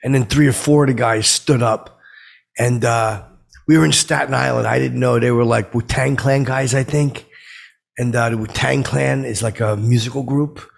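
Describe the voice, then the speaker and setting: Touchy middle-aged blowhard, played by a man; husky, gravelly delivery, rambling and self-serious, medium pitch. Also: steady tone, normal speed. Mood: indignant. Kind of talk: comic character monologue.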